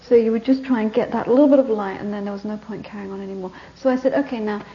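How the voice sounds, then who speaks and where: A woman Buddhist teacher telling a story in a Dharma talk, animated and sometimes dropping to soft whispers for emphasis. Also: medium pitch, very fast, lo-fi sound, a little hiss or hum.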